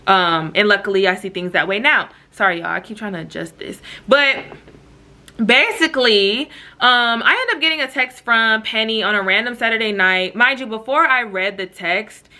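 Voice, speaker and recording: A young woman telling a storytime vlog in casual, slangy chat, with quick asides to her viewers. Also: mid-range voice, sharp tone. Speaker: vlogger.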